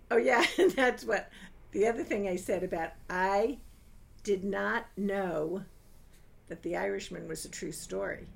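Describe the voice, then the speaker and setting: Chatty older woman reviewing films. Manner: animated, gossipy, swings into high exclaiming bursts. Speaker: film reviewer. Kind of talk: casual chatty film review.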